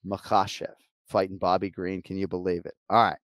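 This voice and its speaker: A man's voice: low-pitched, level tone, fairly quick, no room sound. A man hosting a sports podcast in casual, joking chat, laughing easily and swearing now and then. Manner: laughing, easygoing, profane. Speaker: podcast host.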